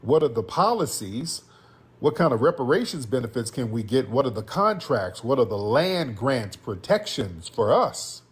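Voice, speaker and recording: A man's voice: mid-range voice, big pitch swings, normal speed, slightly rough. A man giving political commentary in an emphatic, scolding way.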